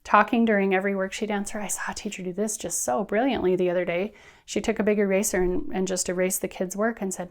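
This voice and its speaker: A woman teacher trainer giving friendly, brisk instructional talk, often acting out what students and teachers say. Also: medium pitch, steady tone. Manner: friendly, brisk, acts out classroom quotes.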